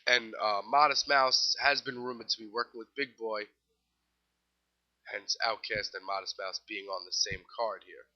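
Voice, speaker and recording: A man's voice: lowish voice, steady tone, normal speed. A young man with a New York accent hosting a casual music news show, reading off festival lineups with wry, offhand asides. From New York City. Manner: wry, offhand asides while rattling off lists. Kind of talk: casual solo commentary. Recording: slightly dull lo-fi recording.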